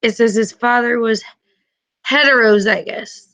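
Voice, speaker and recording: Slow, bright-voiced woman teacher. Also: a little high, poor audio. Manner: patient, checks in with the class often. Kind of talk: classroom teaching. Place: classroom.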